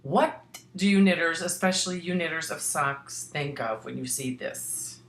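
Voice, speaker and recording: A chatty middle-aged woman from Missouri hosts her crafting podcast, wandering from one point to the next and restarting her sentences. Her voice sits low, and the echoey room gives it a hollow ring. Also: moderate pace. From Missouri, United States. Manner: chatty, rambling, with frequent restarts. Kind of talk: casual chat.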